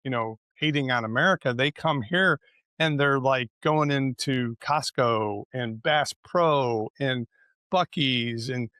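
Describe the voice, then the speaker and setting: A man's voice: mid-range voice, takes it slowly, pushed and bright, no room sound. A man co-hosting a podcast in casual conversation, chatty and often ending with "right?". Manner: conversational, frequent "right?" tags. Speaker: podcast co-host.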